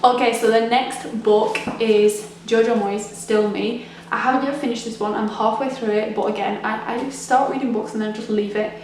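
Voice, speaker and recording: A woman's voice: on the high side, steady tone, normal speed, hardly any pauses. A young woman chatting casually in a home vlog, rambling with lots of ums and restarts. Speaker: vlogger. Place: home rooms. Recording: echoey room, faint noise.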